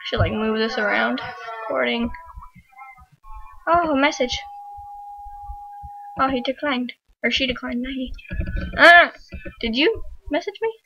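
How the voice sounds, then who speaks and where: A woman's voice: high voice, expressive, a little slow, vocal fry, pauses often, music in the background. A teenage girl hosting a gaming channel, chatting casually and giggling while she plays. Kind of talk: casual gameplay chat. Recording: muffled lo-fi home mic with hiss.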